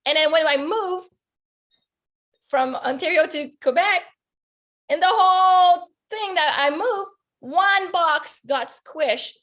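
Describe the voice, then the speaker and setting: A woman with a high voice tells a heartfelt personal story as a life coach guest. She speaks earnestly and fills her sentences with "like." The sound comes through a video call. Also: takes it slowly, a bit bright. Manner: earnest, heartfelt, many "like" fillers.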